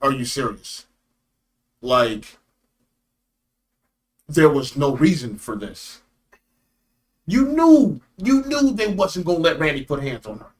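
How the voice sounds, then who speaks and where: A man co-hosting a casual wrestling review chat, animated and joking, slangy and full of repeated phrases. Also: fairly high pitch, takes it slowly, pauses often. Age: adult. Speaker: co-host of a wrestling review show.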